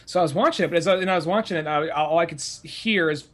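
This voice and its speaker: A man's voice: on the high side, rapid-fire, fairly bright tone. A man co-hosting a podcast in casual chat, rambling and swearing often with many fillers. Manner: rambling, profane, heavy on "like". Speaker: podcast co-host.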